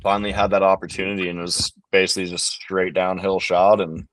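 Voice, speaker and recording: Low-voiced man telling a story casually. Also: quick pace, no room sound. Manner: relaxed, rambling, many fillers. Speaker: podcast guest, bowhunter.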